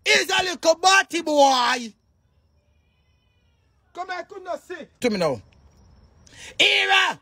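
A Jamaican man rants in a video monologue, his voice pitched very high with a gravelly fry running through it. He is loud and combative, swearing freely and bursting into shouts. The sound is dry, with no room around it. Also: very animated, unhurried, long pauses, dry recording. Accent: Jamaican Patois. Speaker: online personality.

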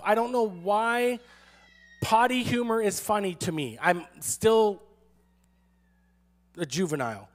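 Man, pastor, sermon, high voice, sarcastic, playful storytelling. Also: lively intonation, unhurried, pauses often.

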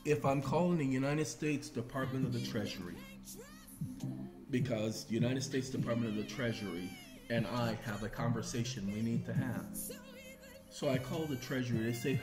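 A man's voice: medium pitch, normal speed. A man giving an emphatic instructional monologue, piling up repetitive lists for effect. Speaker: online presenter. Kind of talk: instructional monologue with acted phone calls. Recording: echoey room with loud music behind.

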